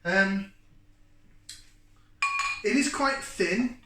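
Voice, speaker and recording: A man's voice: sits high, animated, drawn-out words, noisy background. A middle-aged man, chatting casually as he reviews a beer to camera, rambling and thinking aloud. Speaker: beer reviewer and channel host. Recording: echoey room, mic at a distance.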